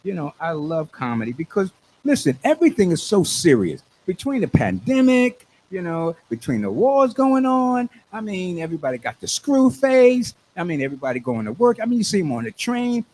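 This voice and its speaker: An older man, a radio station manager hosting his talk show, hyping an event with exuberant, preachy shouts. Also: high-pitched, normal speed. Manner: exuberant, preachy call-and-response, shouts when excited. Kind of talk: hyped radio promo talk.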